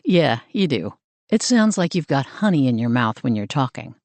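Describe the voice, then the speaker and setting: A woman's voice: a bass voice, big pitch swings, moderate pace, darkish tone, dry recording, pitched below the performer's own voice, exaggerated voice. A woman doing a cocky, teasing young surfer guy. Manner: playful, smirking banter.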